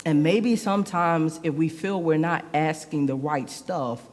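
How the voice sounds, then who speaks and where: A woman's voice: low-pitched, measured pace, a little mellow. Woman elder preaching in an echoey sanctuary, wry and chatty, then earnest. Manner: sarcastic, humorous, swings from joking to earnest. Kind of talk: conversational sermon. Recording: long reverb in a church hall.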